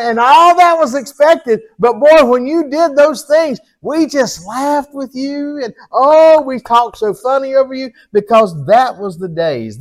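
An older pastor preaching with earnest, folksy warmth and repeated refrains. His voice is notably high for a man. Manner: earnest, repetitive, folksy storytelling. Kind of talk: sermon.

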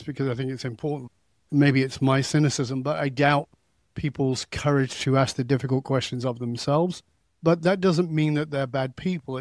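A man's voice: medium pitch, a little mellow, no echo. A man hosting an interview, asking candid, conversational questions. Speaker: host. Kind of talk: podcast interview.

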